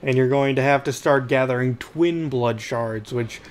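A man giving rambling gameplay commentary at home, chatty and quick to yelp when the game gets tense. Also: medium pitch, slight background noise. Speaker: let's play host.

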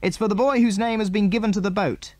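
A man's voice: high voice, fairly even intonation, fast, darkish tone, no room sound, pitched above the performer's own voice. A man voicing a friendly boatman in an audiobook. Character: friendly boatman delivering news.

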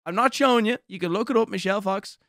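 Bright, profane Irish streamer. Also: male voice, sits high, quick pace, no echo, clean studio sound. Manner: profane, laughing, ranting. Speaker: gaming streamer. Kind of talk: casual live-stream commentary.

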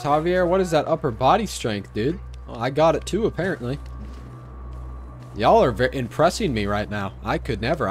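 A young man doing loud, profane, excitable commentary while playing a video game. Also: mid-range voice. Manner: profane, excitable trash talk. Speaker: gaming streamer. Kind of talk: gameplay commentary.

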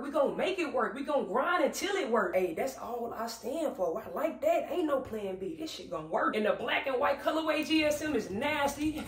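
A woman with a Texan accent, opening fan mail on camera in casual, hyped, slang-heavy chat, shouting out her supporters. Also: high-pitched, expressive, normal speed. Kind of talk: casual unboxing commentary. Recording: roomy echo, voice far from mic.

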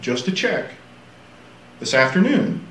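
A man teaching a casual Bible class, animated and joking, acting out quotes. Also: medium pitch, takes it slowly, recorded from a distance. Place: church classroom. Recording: echoey room, faint hiss.

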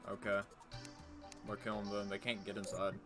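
A man chatting casually while playing a video game with friends, swearing and shouting when things go wrong. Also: fairly low pitch, completely flat delivery, normal speed, over loud music. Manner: swears a lot, yells when frustrated. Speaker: gamer. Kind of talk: casual gaming chat.

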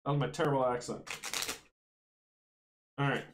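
A man's voice: medium pitch, fairly even intonation, moderate pace, echoey room, rough recording. A man playing a tabletop board game solo, thinking aloud, counting out moves and chuckling often.

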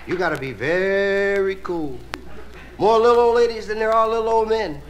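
Comedian guy telling stories, high bouncy voice, laid-back drawl, hissy live tape. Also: normal speed, a loud crowd. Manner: relaxed drawling, playful asides. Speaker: stand-up comedian. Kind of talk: stand-up comedy storytelling. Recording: hissy live album recording.

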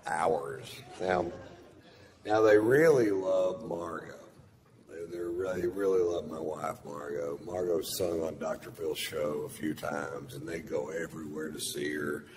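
A middle-aged man, telling a profane, deadpan story in stand-up, on a live stage with a handheld mic. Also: rumbling low, slight background noise. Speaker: stand-up comedian.

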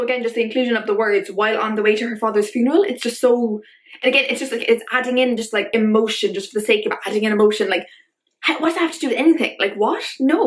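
A young woman talking to camera in a casual vlog, ranting in an exasperated way and saying "like" constantly. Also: fairly high pitch. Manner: ranty, exasperated, filler-heavy with constant "like". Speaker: vlogger.

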